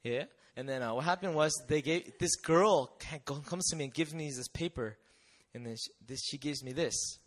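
A young man telling a personal testimony to an audience in a conversational, animated way, often checking in with rhetorical questions. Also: fairly high pitch, normal speed, hardly any pauses. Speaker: missionary speaker.

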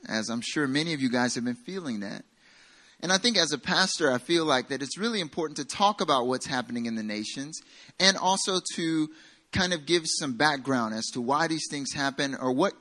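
A man's voice: medium pitch, fairly bright tone. Southern guy preaching, laid back, kinda self-deprecating, talks like he's chatting with the church. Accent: American Southern. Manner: casual and self-deprecating, with a joking aside. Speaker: pastor. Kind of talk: sermon.

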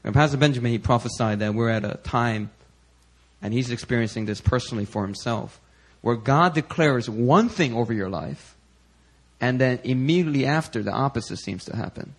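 A male pastor preaching in a conversational storytelling way, full of "you know" fillers and growing animated. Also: medium pitch, a little fast. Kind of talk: sermon storytelling.

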